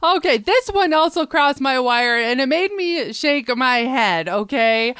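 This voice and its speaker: A woman's voice: high-pitched, animated, measured pace, fairly bright tone, clean tone, no room sound, clean studio sound. A woman co-hosting a show, chatting casually about news stories. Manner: chatty, storytelling, laughs easily. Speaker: co-host.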